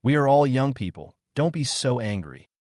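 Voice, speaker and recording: A man's voice: mid-range voice, big pitch swings, normal speed, a little mellow, no echo, clean studio sound, pitched above the performer's own voice, natural voice. A man reading the lines of a pot-bellied middle-aged man who plays the peacemaker in a familiar, placating way.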